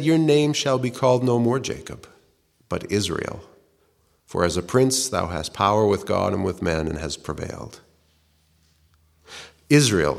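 A man's voice: deep voice, big-room sound. A man preaching a conversational sermon, acting out the voices of scripture figures as he tells the story.

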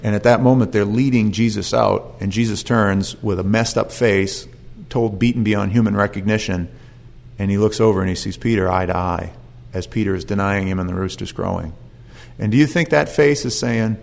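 A man's voice: on the low side, normal speed, gravelly. A man preaching a sermon, telling the story with animation and acting out voices.

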